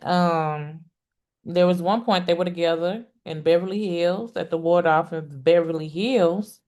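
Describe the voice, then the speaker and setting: A woman hosts a casual live stream about a court case, talking directly to her viewers in a chatty, exclamatory way and often pausing with "um" before restarting. Her voice sits on the low side, a little mellow, with fairly even intonation.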